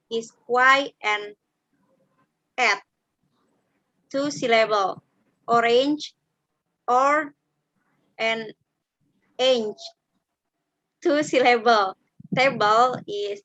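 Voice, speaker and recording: A woman's voice: a little high, fairly bright tone, no echo, poor audio. A young woman from Indonesia, a student reading through phonetics examples in English, word by word, with frequent fillers. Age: young adult. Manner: very slow, word-by-word listing with fillers. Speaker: student presenter.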